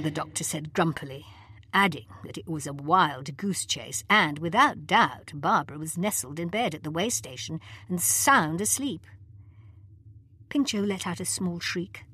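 A woman narrating an audiobook in a measured, even manner. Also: low voice, breathy edge. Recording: long reverb.

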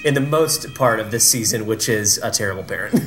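A man co-hosting a casual podcast chat, animated and joking, quick to laugh. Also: fairly low pitch, soft background music. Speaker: podcast co-host.

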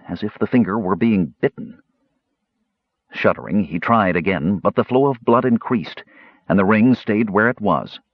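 A low-voiced man narrates a fantasy audiobook in a steady, measured way, with a husky grain. His delivery is lively in pitch. The recording is dull, lo-fi and dry. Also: no echo.

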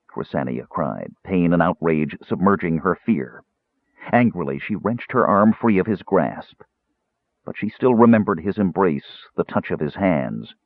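A deep-voiced man narrates a fantasy novel, his delivery lively and expressive. The voice is husky, and the audio is thin and phone-like. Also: a little slow, no room sound. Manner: expressive, dramatic reading.

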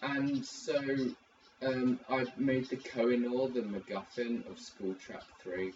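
A man's voice: mid-range voice, level tone, slow pace, a little mellow. A man co-hosting a casual podcast chat, rambling and joking as he talks. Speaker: podcast co-host. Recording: distant mic, dull sound, faint hiss.

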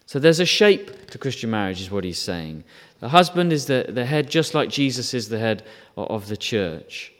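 A man preaching a sermon in a church, his voice sitting at an ordinary middle pitch. He talks in a conversational way, asks his listeners rhetorical questions and briefly acts out short quotes. A long reverb trails every phrase. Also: lively intonation, moderate pace, hardly any pauses.

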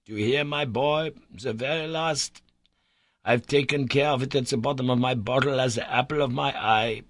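Man reading as gentle elderly professor, kindly and soft, dry close sound. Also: moderate pace, no echo. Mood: tender. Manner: gentle, raised in pitch.

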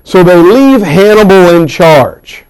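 A man teaching a history class, telling the story with lively asides and acted-out quotes. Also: high-pitched, takes it slowly, smooth, low-quality recording. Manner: animated storytelling with pop-culture asides. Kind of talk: classroom lecture.

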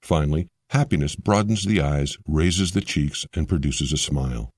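Very deep, husky male narrator. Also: darkish tone, no echo, studio quality. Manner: measured explanatory delivery. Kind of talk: scripted narration.

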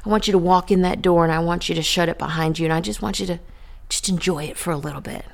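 A woman voicing a gentle male savior figure who calls someone up from the grave with calm, tender commands. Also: fairly low pitch, fast, gravelly. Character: gentle male savior calling the dead back.

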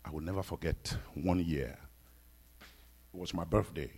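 A middle-aged man from Africa, a pastor preaching a sermon, dropping to hushed whispers and rising to loud exclaims. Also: deep voice, normal speed, husky.

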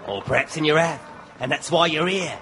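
A man's voice: fairly high pitch, a little fast. A man playing a comic tour guide in a comedy sketch, theatrical and hammy. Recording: noisy recording.

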